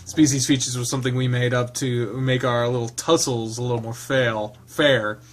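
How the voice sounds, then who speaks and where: A man's voice: medium pitch, flat delivery, moderate pace. A man playing and reading a visual novel aloud, chatty and rambling, breaking off into stories and laughs. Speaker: let's player.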